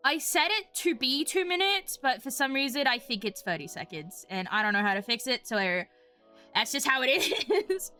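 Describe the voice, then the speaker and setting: A woman's voice: high voice, big pitch swings, normal speed, bright, forceful tone, soft background music. A woman streaming a story game, giggly and self-mocking, reading the narration aloud and chatting.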